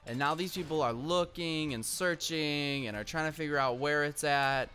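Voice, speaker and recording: Young man, gameplay commentary, rambling with ums, bright tone, faint music behind. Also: on the high side, normal speed. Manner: rambling, frequent ums, bursts of frustration at the game. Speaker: gaming channel host. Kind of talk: casual gameplay commentary and storytelling. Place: at home.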